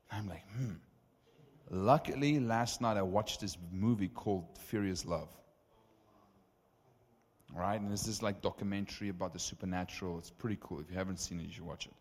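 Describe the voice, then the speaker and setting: A young man preaching a testimony sermon, telling stories with lively acted-out dialogue. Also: sits low, a little fast. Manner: animated, acts out dialogue in stories. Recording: long reverb of a hall.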